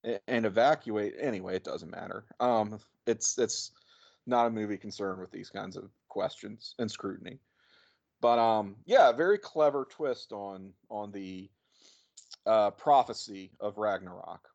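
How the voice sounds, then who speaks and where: A man's voice: fairly low pitch, a little slow, vocal fry, a little mellow. A man co-hosting a podcast, chatting casually about a movie, rambling with playful asides. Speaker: podcast co-host. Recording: dull lo-fi audio.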